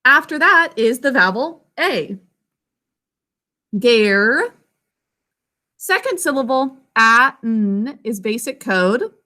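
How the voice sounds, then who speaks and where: A woman teacher leading an online spelling lesson, sounding out words slowly and clearly, syllable by syllable, on a video call. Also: a little high, lively intonation, bright, forceful tone.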